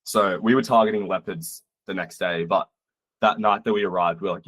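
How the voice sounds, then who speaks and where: A young man from Australia tells a wild travel story with a low, husky voice. He talks casually and animatedly, slipping into the voices of the people he quotes. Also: a little fast, dry recording. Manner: animated, acts out quotes, swears. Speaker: podcast guest.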